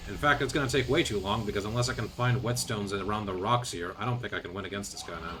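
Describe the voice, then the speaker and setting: A man's voice: lowish voice, fast talker, a bit bright, a little hiss or hum. A man streaming a video game, commenting casually with sarcastic grumbles and mild swearing.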